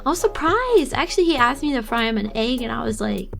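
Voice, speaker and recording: A woman's voice: on the high side, animated, fast talker, creaky, faint music behind. A young woman streamer chatting casually while she draws, rambling and teasing, laughing often. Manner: teasing, snarky.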